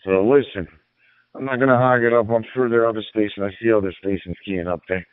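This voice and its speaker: A man's voice: lowish voice, fast, dry recording. Rambling man over a dry radio link. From Illinois. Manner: rambling, repeats words, folksy. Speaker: amateur radio operator. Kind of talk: casual radio chat. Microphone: radio transceiver mic. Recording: narrow, dry radio transmission.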